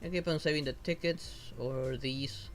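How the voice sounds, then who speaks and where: A man's voice: mid-range voice, fairly even intonation, a little slow, faint music behind. A man streaming as a VTuber, casually thinking aloud while he pulls and sorts game rewards. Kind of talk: casual gameplay commentary.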